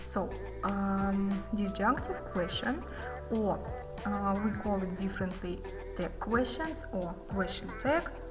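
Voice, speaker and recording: A woman's voice: mid-range voice, expressive. Woman teaching, reverberant room, music behind. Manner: explains slowly, reads example sentences with exaggerated rising and falling tunes. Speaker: English phonetics teacher. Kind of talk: classroom lesson.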